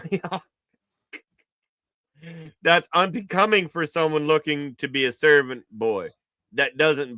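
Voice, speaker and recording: A man's voice: fairly high pitch, bright, forceful tone, no echo. A man hosting a livestream, giving casual, joking reaction commentary and repeating his phrases. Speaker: livestream host.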